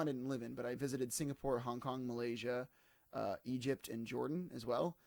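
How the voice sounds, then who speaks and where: Brief: man, 20s, vlogger, tired and hungover, rambling and self-mocking, gravelly voice, dry close sound. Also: mid-range voice, no room sound. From United States. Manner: digressive, self-deprecating, full of fillers. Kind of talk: casual rambling monologue to camera.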